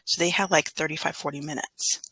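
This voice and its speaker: A woman from Southern California, a substitute teacher, telling a story to camera in a chatty, rambling way with fillers and throat clearing. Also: sits low, fairly even intonation, a little fast, pushed and bright, dry recording. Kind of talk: casual storytelling vlog.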